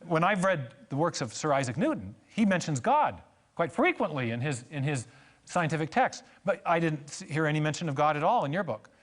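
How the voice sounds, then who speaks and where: A man's voice: on the high side, big pitch swings, a little fast. A man lecturing quotes a French emperor who questions a scientist about his book, in close to his own voice. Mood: questioning.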